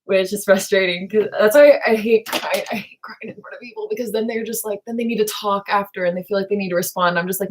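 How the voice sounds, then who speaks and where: Brief: young woman, chatty late-night host, rambly and full of fillers, frequent laughs, mid-pitched. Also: brisk. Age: young adult. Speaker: live stream host chatting with her sister. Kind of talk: casual late-night chat.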